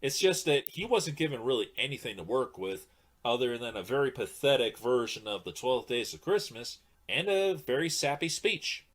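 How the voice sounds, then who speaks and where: A man hosting a casual movie review chat, talking in an animated, mocking way. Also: medium pitch, normal speed.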